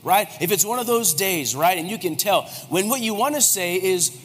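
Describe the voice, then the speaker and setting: Male pastor, 40s, high voice, animated and joking; preached in a reverberant hall with faint noise. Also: moderate pace. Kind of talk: humorous sermon.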